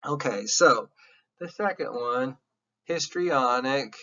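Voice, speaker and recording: Animated male psychology instructor lecturing. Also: medium pitch, moderate pace, lo-fi sound. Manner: animated, candid, jokey digressions with swearing. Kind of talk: recorded classroom lecture.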